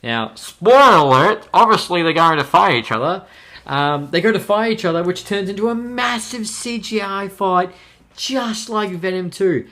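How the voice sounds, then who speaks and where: A man's voice: sits high, lively intonation, moderate pace, bright, forceful tone. A man hosting a podcast, giving a casual, exasperated movie review and repeating "no joke" as he retells scenes. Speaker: podcast host reviewing films.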